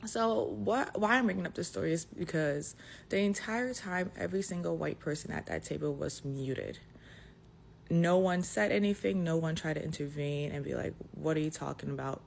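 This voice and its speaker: Gravelly young woman telling a story. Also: low voice, normal speed, a little hiss or hum. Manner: animated retelling, full of "like" fillers. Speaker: storyteller in a clip. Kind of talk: casual personal storytelling.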